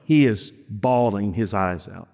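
Preacher with a ringing hall echo. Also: male voice, on the low side, creaky, a little mellow. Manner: storytelling with acted-out dialogue, slow emphatic phrasing. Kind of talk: sermon. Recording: long reverb of a church hall.

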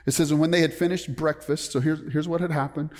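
A man's voice: a little high, steady tone, fast talker, a little mellow. A man preaching a sermon as a pastor, emphatic, often putting questions to the congregation. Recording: long reverb of a large hall.

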